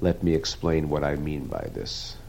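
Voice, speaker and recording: A man delivering a formal literary lecture in a measured, deliberate manner, reading quotations aloud. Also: extremely low pitch, sing-song, gravelly, darkish tone, a little hiss or hum. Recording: dull lo-fi recording.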